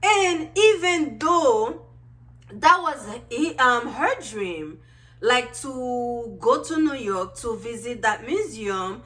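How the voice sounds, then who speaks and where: Bubbly young woman gushing about a movie. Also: high-pitched. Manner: gushing, animated, many fillers and exclamations. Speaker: vlogger reviewing a movie. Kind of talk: excited casual movie review.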